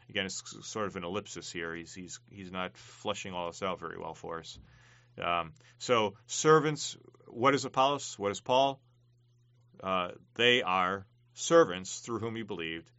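A man teaching a class on a Greek text, halting often with ums and uhs and stressing key words. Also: deep voice, sharp tone, no room sound. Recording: dull lo-fi dry recording.

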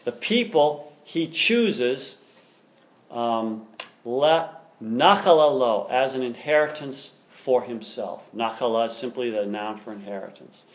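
A man teaching a class, reading passages aloud and explaining them with open enthusiasm. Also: mid-range voice. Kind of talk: classroom lecture on a text.

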